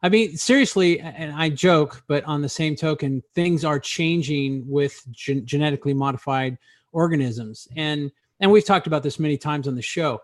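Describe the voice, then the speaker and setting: A man's voice: a little high, normal speed, no echo, studio quality. A man hosting a casual talk show, joking and rambling with many hesitations. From Arizona. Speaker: host.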